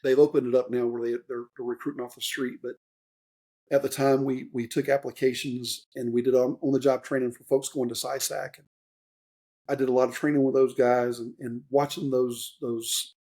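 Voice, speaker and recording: A retired Army warrant officer in his fifties tells his story as a podcast guest, his mid-range, dark voice flat and moderately paced. He rambles earnestly, full of fillers and restarts, and is openly emotional in this conversational interview.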